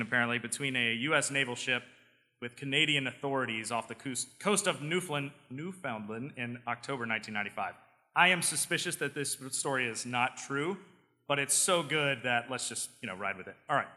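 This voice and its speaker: A man preaching as a pastor, reading scripture steadily and then telling a story in a relaxed way with fillers. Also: mid-range voice, normal speed, big-room sound.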